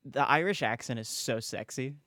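A man's voice: medium pitch, moderate pace, sharp tone, no echo, studio quality. A young man co-hosting a podcast, chatting casually and animatedly, swearing a lot and calling people bro and dude. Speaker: podcast co-host. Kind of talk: casual chat.

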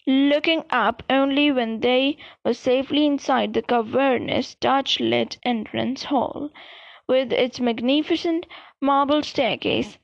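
A woman reads a storybook aloud in a high voice, slow and careful, sometimes stumbling and correcting a word. The recording sounds dull and lo-fi. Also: creaky. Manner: slow, careful reading with small slips and restarts. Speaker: reader. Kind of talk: amateur audiobook reading.

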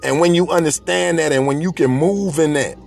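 A man's voice: fairly high pitch, a little fast, gravelly, darkish tone, soft background music. A man hosting a podcast, delivering a motivational monologue in an emphatic, preachy way, repeating his points. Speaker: podcast host.

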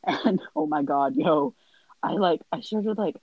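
A woman's voice: low voice, unhurried, breathy edge, dry recording, dull audio. A young woman chatting casually as a guest, rambling through stories with lots of filler words. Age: young adult. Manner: rambling storyteller. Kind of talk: casual chat.

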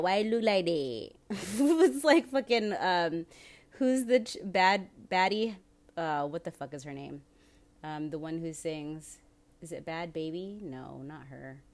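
A woman's voice: sits low, darkish tone. A young woman hosting a solo podcast, chatting casually in a rambling, profane way with lots of tangents. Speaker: podcast host.

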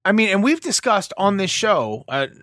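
Man, podcast co-host, casual chat, lively pitch, bright, dry close sound. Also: normal speed, no room sound. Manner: animated, enthusiastic, acts out cravings in quotes.

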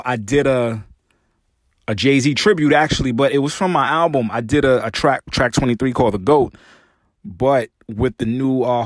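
In a dry, studio-quality recording, a mid-range male voice carries a casual solo podcast. The host, a father of young kids, speaks loosely with plenty of "man" and "you know," and his rants turn heated and emphatic.

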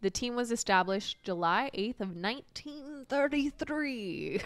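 A chatty woman co-hosting a relaxed conversation, her voice smooth and clear. She sounds animated and laughs easily. The sound is dry and close. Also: on the high side, unhurried, no echo. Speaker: podcast co-host. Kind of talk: casual chat.

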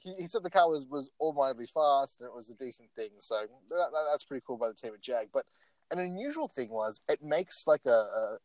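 A man's voice: medium pitch, no echo. A young man co-hosting a car podcast, joking and mocking in casual chat. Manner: jokey, animated, mocking asides. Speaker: podcast co-host.

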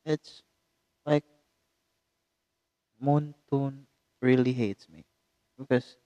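A man's voice: mid-range voice, little pitch movement, very slow, dark tone, dry recording, dull audio. A young man with a Filipino accent rambling goofily alone into a microphone for his solo podcast. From Philippines. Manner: goofy, switches between English and Tagalog, bursts into silly animal noises. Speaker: podcast host. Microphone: studio microphone.

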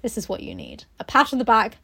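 A woman's voice: on the high side, huge pitch swings, quick pace, gravelly, pushed and bright, slightly rough. A woman co-hosting a casual book podcast, sarcastic and swearing freely, laughing often as she reads passages aloud. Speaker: podcast co-host. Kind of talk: casual book chat with dramatic readings.

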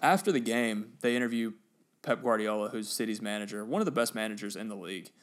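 A man on a podcast, casually retelling a football match with animated bursts of excitement. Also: lowish voice, fast talker. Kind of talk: casual storytelling chat.

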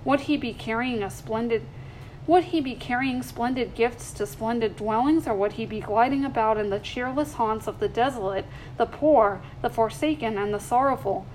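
A woman voicing a kind middle-aged aunt who speaks in a tone of gentle seriousness. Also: a little high, a little hiss or hum, natural voice, low-quality recording. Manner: measured, gently moralizing.

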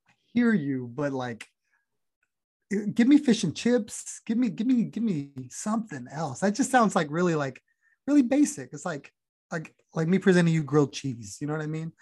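A woman's voice: low voice, animated, normal speed, mellow, husky. A woman co-hosting a casual podcast chat, emphatic and teasing with firm opinions. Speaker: podcast co-host.

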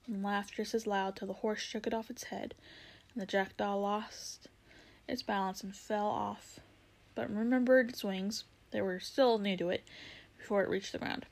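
A woman reading a storybook aloud in a measured, gentle way, with occasional slips. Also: medium pitch, steady tone, vocal fry. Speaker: reader.

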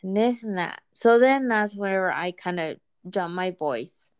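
Smooth-voiced woman telling a story. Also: mid-range voice, a little slow. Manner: relaxed, chatty, acts out quoted voices. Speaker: guest telling a personal story. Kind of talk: casual storytelling chat.

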